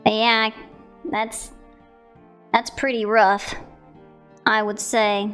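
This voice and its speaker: A woman's voice: a little high, level tone, extremely slow, fairly bright tone, smooth. Giggly young woman rambling over faint music. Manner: rambling, with giggles and self-corrections. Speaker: streamer showing viewer art. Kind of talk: casual chat.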